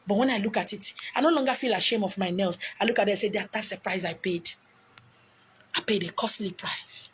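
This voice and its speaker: Talking fast with hardly any pauses, the woman's medium-pitched voice carries a Nigerian accent. She's middle-aged and Nigerian, rambling emotionally and somewhat preachily on her own casual motivational live video. The phone recording has a little hiss or hum.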